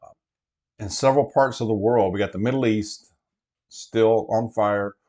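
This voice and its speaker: Sitting in a truck, this prepper vlog host talks at a moderate pace in a low, mellow voice. His delivery meanders, full of fillers and false starts, in a loose vlog style.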